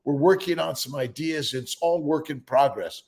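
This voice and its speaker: Man, gravelly voice, casual livestream host, rambling with fillers. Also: on the high side, moderate pace, a little mellow. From United States. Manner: rambling, reads out viewer names with many fillers. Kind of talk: casual morning livestream chat.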